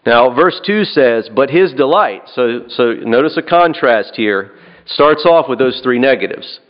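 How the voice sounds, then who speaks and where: A man's voice: mid-range voice, animated, measured pace. Earnest male preacher, dull lo-fi sound. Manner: earnest, repeats and restarts phrases, asks "right?". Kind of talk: sermon. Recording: dull lo-fi recording.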